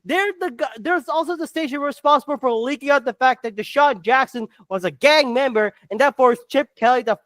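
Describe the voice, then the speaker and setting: A podcast co-host delivering a heated sports rant, swearing and tripping over restarts while talking fast. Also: sits high, fairly bright tone, no echo.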